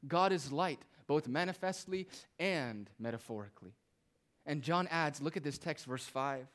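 A man's voice: a little high, expressive, moderate pace. Man preaching with big swings in volume. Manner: preaching with dramatic swings between loud emphasis and hushed asides. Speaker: pastor. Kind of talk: sermon.

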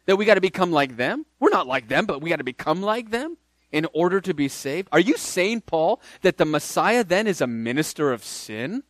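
A man preaching a verse-by-verse sermon, emphatic and repeating key phrases for stress, with lively swings in loudness. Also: high voice, moderate pace, no room sound.

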